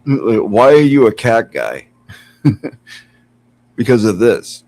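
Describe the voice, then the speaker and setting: A man's voice: lowish voice, sing-song, slow, darkish tone, dry recording, rough recording. A man streaming casually from home, chatting with viewers, laughing often and cooing at his cat, sitting some way from his computer mic. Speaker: live streamer. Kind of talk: casual live-stream chat. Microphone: computer mic some distance away.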